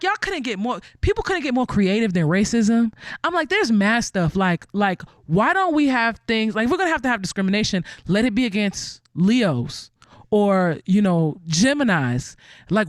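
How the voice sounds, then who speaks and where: Man hosting an online concert, high voice, dry close sound, rambling, lots of fillers. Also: dry recording. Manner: rambling, animated, many fillers and restarts. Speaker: host of a virtual benefit concert. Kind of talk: casual hosting chat.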